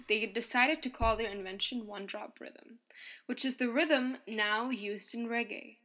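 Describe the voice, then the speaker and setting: A woman narrating a scripted podcast in an even, explanatory tone, reading from a script and counting out beats aloud. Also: fairly high pitch, unhurried, heavy background noise.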